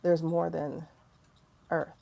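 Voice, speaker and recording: Woman streaming, low gravelly voice, kinda dark, blunt and chatty, laughs a lot. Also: slow. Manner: animated, blunt, laughs often. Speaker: livestream host. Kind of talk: casual livestream talk.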